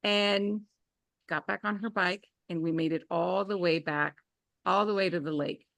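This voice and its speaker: Brief: woman co-host, 30s-40s, animated storyteller, close dry sound. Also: normal speed, creaky, dry recording. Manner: animated storyteller, acts out dialogue in a higher voice. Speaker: podcast co-host. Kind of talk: casual chat, storytelling.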